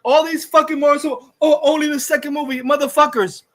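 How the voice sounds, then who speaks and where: A man's voice: very high-pitched, flat delivery, brisk, a bit bright. A man hosting a livestream, ranting angrily and profanely, repeating himself. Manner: furious, profane, repetitive ranting. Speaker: livestream host.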